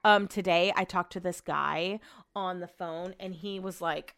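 Woman, casual storytelling, chatty, blunt, smooth clear voice, dry close sound. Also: on the low side, fairly even intonation, unhurried, a bit bright, no room sound. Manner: chatty, retells conversations with lots of "I was like".

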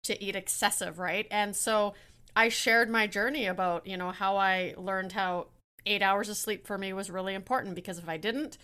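Bright, crisp-voiced woman podcast host. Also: medium pitch, fairly even intonation, normal speed. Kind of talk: conversational podcast interview.

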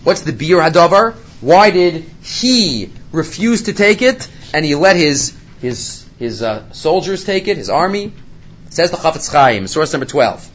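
A man with a high, very lively voice leads a Torah study lecture. He peppers his English with Hebrew study terms and keeps asking rhetorical questions, then answers them himself. His pitch swings widely from line to line. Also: a little slow, highs cut off. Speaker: Torah class teacher.

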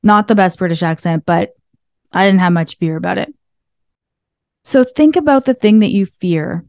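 A woman's voice: fairly low pitch, moderate pace, a little mellow, no echo. A woman hosting a podcast, talking casually from behind her desk, laughing often and filling her speech with "like.". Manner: chatty, laughs often, filler "like". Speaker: podcast host. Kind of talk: casual motivational monologue. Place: small room behind a desk. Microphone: desk microphone.

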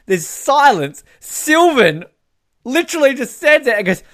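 Aussie guy gushing over a reality show on a podcast, super animated voice, keeps cracking up. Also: very high voice, a little slow. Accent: Australian. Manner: animated, laughs often, acts out quotes. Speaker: podcast co-host. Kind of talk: casual reality-show recap chat.

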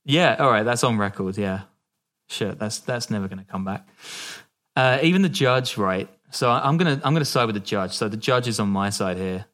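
A laid-back man with a fairly low voice, casually walking a friend through a story. He laughs easily and drops the odd swear word, keeping things loose and conversational. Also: animated, moderate pace, fairly bright tone. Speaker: podcast co-host.

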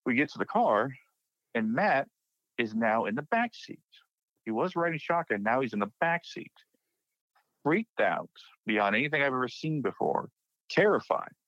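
A young man from Texas, a podcast guest, casually retelling a personal paranormal experience and acting out his friends' panicked lines with lively shifts. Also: mid-range voice, normal speed, long pauses, no echo. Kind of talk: casual spoken storytelling. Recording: dry, dull lo-fi podcast mic.

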